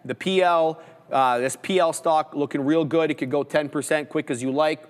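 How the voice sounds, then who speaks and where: A man hosting a live trading stream, calling out prices and levels in quick market commentary. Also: fairly high pitch, steady tone, clean tone, long reverb tail. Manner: rapid price calls, banter with co-host. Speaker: trading livestream host.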